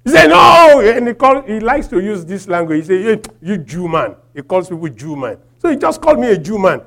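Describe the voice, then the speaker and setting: A Nigerian man preaching a sermon, telling a personal story with laughter and shouted quotes. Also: sits high, big pitch swings, brisk, creaky, few pauses.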